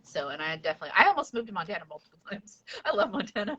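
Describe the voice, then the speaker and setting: A woman's voice: mid-range voice, sing-song, very fast, pushed and bright, husky. A woman hosting a casual podcast chat, rambling and giggly with lots of fillers. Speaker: podcast host. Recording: dull lo-fi sound.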